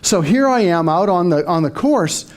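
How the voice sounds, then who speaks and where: A middle-aged man with a notably high-pitched voice delivers a motivational talk to a live audience. He tells his story lively and acts out the back-and-forth in his head. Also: moderate pace. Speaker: motivational speaker.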